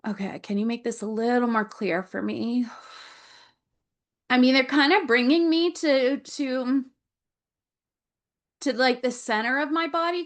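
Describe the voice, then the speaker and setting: A woman speaks slowly and deliberately over a video call, relaying a spiritual reading. She often repeats single words and pauses to ask questions of what she senses. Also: high-pitched. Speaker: Akashic Records reader.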